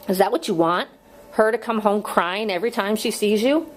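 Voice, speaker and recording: A woman's voice: medium pitch, normal speed, slight background noise, lightly acted, low-quality recording. A woman voicing an earnest young male schoolteacher in an audiobook reading, pleading with strained patience.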